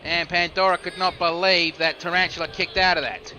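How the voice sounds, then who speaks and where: A man with a fairly high voice gives solo play-by-play of a video game wrestling match, calling each move in a steady stream. He jumps up in pitch and volume when a pin is kicked out of or a move is reversed. Clear background noise runs under his voice. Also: fairly quick, low-quality recording. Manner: steady move-by-move calls, rising sharply on near falls and reversals. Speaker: play-by-play commentator.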